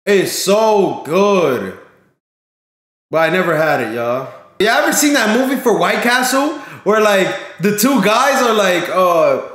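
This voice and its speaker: A man's voice: high voice, a bit bright, roomy sound. A man live streaming in casual chat, slangy and talking straight to his viewers, often repeating himself.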